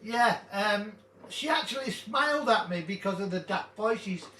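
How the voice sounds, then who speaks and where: A rambling, jokey older man who chats casually while he plays a game, drifting off into little stories. The room sounds big and echoey, and the mic sits some distance away. Steady noise runs underneath. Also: high voice, unhurried. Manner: rambling, jokey, chatty storytelling. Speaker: gaming video host. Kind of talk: casual chat while playing. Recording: roomy, distant mic, noisy background.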